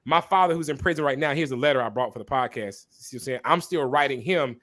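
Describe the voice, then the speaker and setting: A man's voice: medium pitch, fast, fairly bright tone. Male minister as podcast guest: candid, passionate, preacher cadence with repeated phrases, mid-range voice. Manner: apologetic asides to listeners. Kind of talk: candid conversational testimony.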